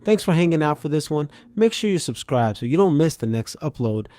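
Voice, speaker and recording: A man narrating a scripted story with a steady, even storytelling delivery. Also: fairly high pitch, fairly quick, no room sound, studio quality.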